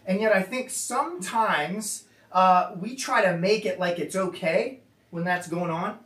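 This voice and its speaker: Preacher in an echoey hall. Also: male voice, sits high, measured pace, a bit bright, recorded from a distance. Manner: conversational, many fillers and restarts. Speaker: pastor. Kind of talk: casual sermon. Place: church hall.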